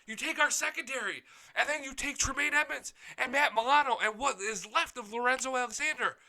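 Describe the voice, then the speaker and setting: A man's voice: extremely high pitch, a little fast, pushed and bright. A young man hosting a live sports talk show, ranting with heavy profanity and hype. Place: home studio.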